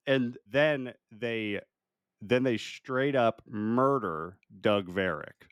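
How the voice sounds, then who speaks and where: Mid-pitched man recapping a movie, dry. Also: clear, resonant tone, no room sound. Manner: laughs often, halting restarts while recounting plot. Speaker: podcast co-host. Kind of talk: casual movie discussion.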